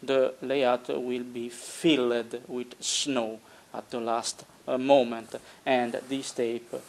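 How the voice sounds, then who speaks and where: A man's voice: medium pitch, little pitch movement, slow, slight background noise. A man who is not a native English speaker explains his hobby build step by step in a casual how-to style, hesitating often and correcting himself. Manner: hesitant, many filler sounds, self-correcting. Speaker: hobbyist tutorial maker. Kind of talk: casual how-to narration while working.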